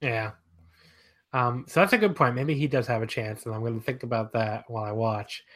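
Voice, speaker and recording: A man's voice: mid-range voice, brisk, fairly bright tone. A man hosting a casual podcast chat, enthusiastic and leading the talk with questions.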